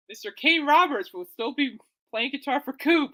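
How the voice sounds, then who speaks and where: Woman, podcast host, bright tense voice, chatty, excitable, loose rambling talk. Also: on the high side, moderate pace. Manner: chatty, excitable, self-correcting. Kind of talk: casual rambling chat.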